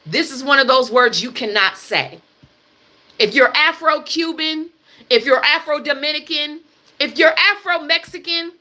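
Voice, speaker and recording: A woman's voice: high voice, bright, forceful tone. A young American woman hosting a livestream, delivering a heated, blunt and profane rant and hammering her points with repetition. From United States. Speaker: livestream host.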